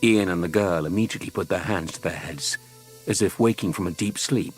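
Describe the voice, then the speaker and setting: A man narrating an audiobook in a steady, dramatic storytelling manner, close to a studio mic. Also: deep voice, brisk, music in the background.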